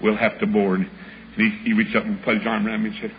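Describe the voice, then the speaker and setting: A man's voice: lowish voice, flat delivery, fast talker. An older man preaching a sermon, telling a story in a folksy, dramatic way and acting out the voices of the people in it. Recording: muffled old sermon recording with hiss.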